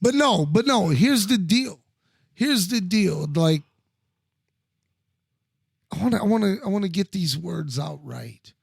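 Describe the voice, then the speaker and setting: A man, a former wrestler co-hosting a podcast, telling stories in animated, profane casual chat with lots of restarts. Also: high voice, measured pace, gravelly, long pauses, slightly rough, dry recording, clean studio sound.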